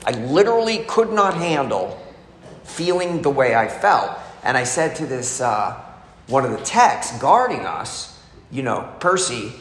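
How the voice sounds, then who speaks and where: With big pitch swings and a measured pace, a man in a mid-range, slightly bright voice delivers a candid, emotional testimony about his recovery, acting out the voices of people he mentions. The echoey hall adds faint ambience and slight background noise.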